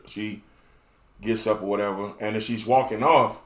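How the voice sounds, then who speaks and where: In a podcast studio, a man tells a crude story, loose and lively, constantly padding it with fillers like "you know" and "you know what I'm saying." His voice is lowish at a normal speed. The sound is roomy.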